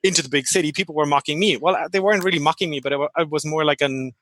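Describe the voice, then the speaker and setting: A man's voice: fairly high pitch, very fast, fairly bright tone, no echo. A man from Germany, a podcast co-host and interpreter, chatting animatedly, laughing often and acting out the voices he quotes. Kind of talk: casual podcast chat.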